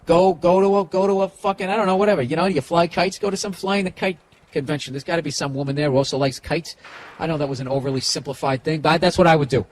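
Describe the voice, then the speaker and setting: A loud, animated man with a Boston accent, hosting a podcast and giving comedic advice in a profane, rambling rant. He sits a bit high in his range and runs the room with energy. Faint noise hums behind him. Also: quick pace. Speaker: podcast host.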